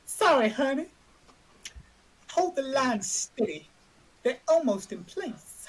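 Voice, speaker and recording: Picture a fussy tribal chief whose voice leaps wildly up and down, as a woman reads him for a fan script reading. The delivery is slow and husky, full of shrill cries and playful asides. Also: very animated, exaggerated voice, low-quality recording. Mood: commanding. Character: excitable male tribal chief, booming and fussy.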